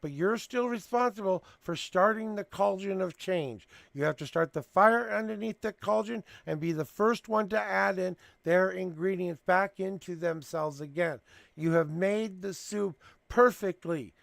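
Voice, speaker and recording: A man with a high-pitched, gravelly and fairly bright voice hosts a tarot livestream at home alongside his cat. Unhurried, he counts out cards and moves into earnest blessings and spiritual encouragement, captured in a dry recording.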